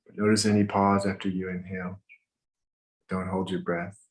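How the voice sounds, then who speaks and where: A low-voiced man leads a breathwork meditation. He speaks slowly and gently, leaving pauses between calm instructions. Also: poor audio. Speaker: meditation teacher. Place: home with windows open.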